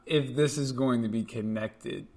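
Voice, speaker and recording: A man's voice: mid-range voice, a little slow, a little mellow. A man co-hosting a podcast in casual chat, dry and skeptical as he pushes back on the host. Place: indoors, sitting across from the host.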